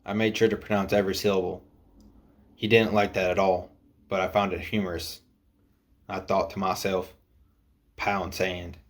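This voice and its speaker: Man, very deep voice, first-person story narration, steady matter-of-fact reading. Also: normal speed, long pauses.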